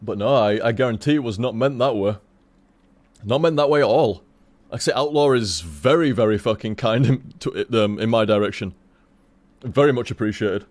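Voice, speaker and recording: A man's voice: medium pitch, normal speed, darkish tone. A man chatting casually on a game stream, rambling and swearing, tripping over his words.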